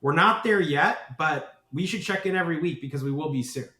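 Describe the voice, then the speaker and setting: A man with a slightly higher voice talks at length as a podcast guest. His delivery is eager and runs on, full of asides, and he keeps checking in with "right?". The sound carries a noticeable room echo. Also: animated, brisk, pushed and bright. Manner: enthusiastic, rambling, with many "right?" tags. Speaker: guest, marketing agency founder. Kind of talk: podcast interview.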